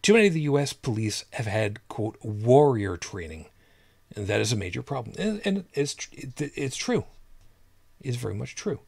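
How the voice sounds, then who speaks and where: A man with a mid-pitched voice co-hosts a casual podcast conversation. He rambles and stutters through restarts as he searches for his words. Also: big pitch swings, normal speed, vocal fry, darkish tone, husky. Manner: rambling, repeats words while searching for them. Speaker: podcast co-host. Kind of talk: casual chat.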